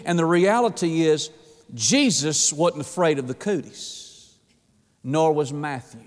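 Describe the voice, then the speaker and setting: High-voiced preacher in a reverberant hall. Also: male voice, moderate pace. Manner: folksy, emphatic preaching with repeated phrases and direct appeals. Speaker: pastor. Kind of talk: sermon. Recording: long reverb of a large hall.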